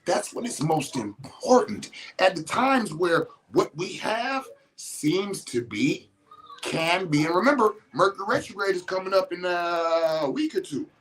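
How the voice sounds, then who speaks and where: This man's voice sits high, with lively intonation and a slightly bright sound, at a somewhat slow pace. Hosting a podcast, he tells stories bluntly and emphatically, cursing freely and restarting his sentences. There's slight background noise, and the audio quality is poor.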